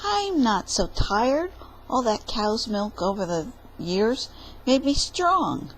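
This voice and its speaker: A woman's voice: on the high side, big pitch swings, slow, full character voice, low-quality recording. A woman voicing a cheeky, whiny young man who talks back with sassy remarks. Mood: chatty.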